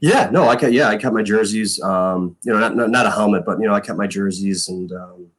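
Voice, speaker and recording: A man's voice: on the low side, a little fast, a bit bright, husky. A man in his thirties, a former punter guesting on a podcast, telling stories in a rambling way full of fillers and quoted lines. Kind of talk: casual storytelling chat.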